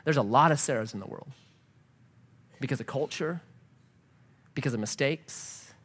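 A man's voice: medium pitch, normal speed, husky, in a large hall. A middle-aged man, a pastor, preaching a sermon and telling a story, acting out the voices of the people in it. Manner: animated, acts out quoted voices.

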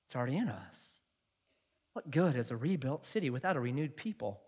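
A middle-aged man preaching a sermon in a jokey, animated way, acting out quotes. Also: mid-range voice, brisk, husky. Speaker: pastor.

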